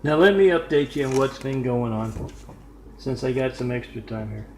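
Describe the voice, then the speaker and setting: A man telling a home-made story in a meandering way, full of "uh" pauses and side remarks, recorded in a room at home. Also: medium pitch, animated, a little mellow. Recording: echoey room with faint noise.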